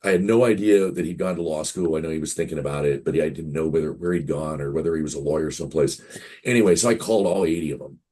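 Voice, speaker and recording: A man's voice: extremely low pitch, fast, dark tone. A man in his fifties, a game publisher guest on an interview, rambling through anecdotes and acting out quoted dialogue. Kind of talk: casual interview storytelling.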